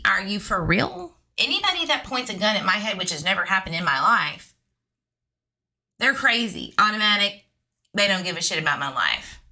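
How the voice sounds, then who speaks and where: A woman's voice: medium pitch, very animated, moderate pace, bright, forceful tone. A woman hosting a true crime channel, reading police documents aloud and breaking off into sarcastic, chatty asides to her viewers.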